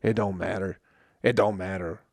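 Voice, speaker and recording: A male comedian hosting a solo podcast, ranting in an exasperated, profane way with sudden loud outbursts. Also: low voice, fairly even intonation, normal speed, creaky, no echo. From Flint, Michigan.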